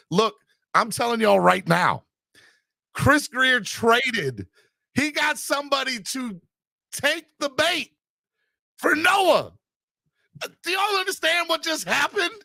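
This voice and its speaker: Loud hyped-up guy hosting a sports podcast, high lively voice with some gravel, dry sound. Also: no room sound. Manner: loud, exuberant, shouting and cheering. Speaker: podcast host. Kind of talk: excited live sports podcast chat.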